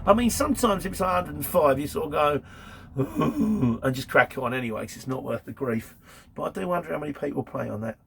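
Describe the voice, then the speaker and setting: A man's voice: a little high, animated, a little fast, creaky, fairly bright tone, breathy edge. A man hosting a casual question-and-answer monologue, telling stories chattily and acting out other people's lines in a raised voice. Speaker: host answering viewer questions.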